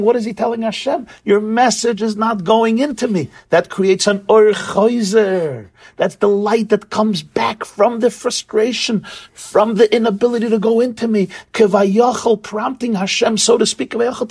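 A man with a fairly high, husky voice teaches a Torah class. He speaks earnestly, circling back and repeating words as he feels his way toward each point. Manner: earnest, searching for words, acts out quoted voices.

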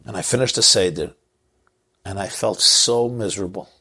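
A man's voice: fairly low pitch, moderate pace, creaky, bright, forceful tone, breathy edge. A man, a rabbi from Crown Heights, telling an emotional story in a sermon and mixing in Yiddish and Hebrew words. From Crown Heights, Brooklyn.

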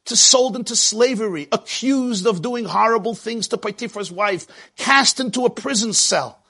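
Husky, high-pitched man giving a dramatic sermon. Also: moderate pace, bright, forceful tone. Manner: dramatic, rising and falling delivery, quoting Hebrew verses.

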